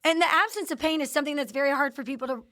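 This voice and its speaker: High-voiced woman telling a story. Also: rapid-fire. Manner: animated, acts out quoted dialogue. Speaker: host sharing her company's founding story. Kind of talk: casual storytelling interview.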